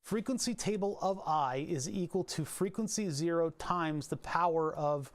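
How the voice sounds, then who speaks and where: A man with a somewhat high voice hosts a casual live stream. He talks his way through code out loud, rambling and restarting his sentences and drifting into asides. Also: moderate pace. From Pennsylvania, USA.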